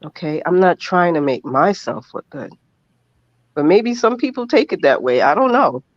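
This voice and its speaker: A man's voice: high-pitched, expressive, moderate pace, no room sound. A man speaking as a podcast guest, earnest and heartfelt, often repeating himself for emphasis. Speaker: interview guest. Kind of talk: emotional podcast interview. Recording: dull lo-fi remote audio.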